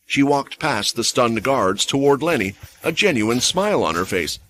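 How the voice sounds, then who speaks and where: A man's voice: mid-range voice, very animated, moderate pace, hardly any pauses, fairly bright tone, a little hiss or hum. Man narrating a fantasy recap. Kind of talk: scripted story narration.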